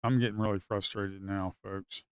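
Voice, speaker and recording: A man's voice: lowish voice, level tone, normal speed, darkish tone, clear, resonant tone, no echo, studio quality. A man streaming his live trading who talks bluntly, swears, and repeats himself as he gets exasperated. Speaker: day trader streaming live. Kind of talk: casual live commentary while trading.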